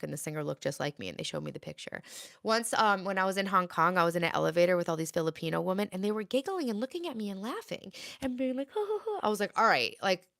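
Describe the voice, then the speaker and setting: Indoors at home, a woman in her thirties hosts a casual livestream, playfully chatting with her viewers. Her voice is medium-pitched and a little bright.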